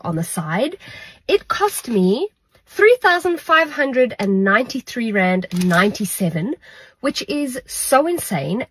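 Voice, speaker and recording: Brief: casual woman vlogger, disbelieving, breathy tone, lots of "like". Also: mid-range voice, a bit bright, poor audio. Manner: incredulous, chatty, many fillers. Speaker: shopper reviewing grocery prices. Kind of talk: casual vlog talk.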